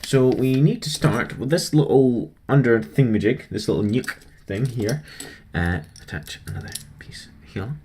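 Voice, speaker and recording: A man's voice: medium pitch, moderate pace, hardly any pauses, mellow, slight background noise. A young man rambling casually about his week while building a model kit, chatty and self-deprecating.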